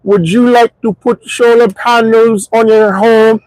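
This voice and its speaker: A man's voice: extremely high pitch, level tone, a little slow, a little mellow, no room sound, pitched above the performer's own voice, rough recording. A man putting on the voice of a pushy male phone scam caller who gets exasperated and insulting.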